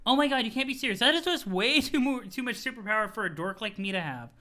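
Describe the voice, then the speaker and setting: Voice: medium pitch, animated, quick pace, bright, forceful tone. A streamer voicing a flippant, sarcastic young woman who puts herself down. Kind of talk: reading a webcomic aloud with voices.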